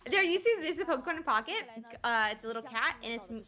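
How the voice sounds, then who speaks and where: A woman's voice: high-pitched, animated, fast talker, bright, forceful tone. A woman from the southern United States, chatting casually as a live tournament commentator in a playful, self-deprecating way. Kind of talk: casual live-stream chat.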